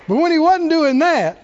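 Pastor type, man, high voice that swoops a lot, preaching to a crowd, muffled lo-fi recording. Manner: animated preaching, jokes with congregation, does cartoon voices. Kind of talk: sermon.

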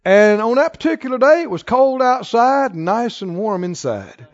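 A man delivers a sermon in a high voice, dropping to quiet asides and then rising to near-shouts. The recording is dull and muffled. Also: sing-song, normal speed. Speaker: preacher.

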